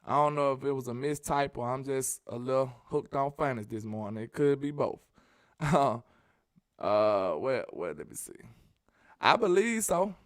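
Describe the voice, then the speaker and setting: A man from Alabama, hosting a casual sports live stream, reading viewer messages and joking in a sing-song, animated way. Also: medium pitch, moderate pace, no room sound, studio quality.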